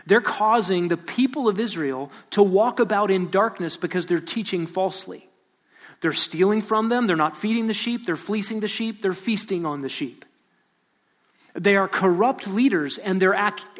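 Man preaching, high voice, animated teaching sermon, sarcastic quoted asides. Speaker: pastor.

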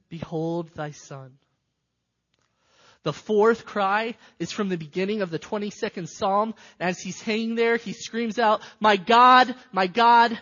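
A man preaching a sermon with dramatic delivery, moving between loud cries and hushed, near-whispered passages. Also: sits high. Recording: dull sound in a reverberant hall.

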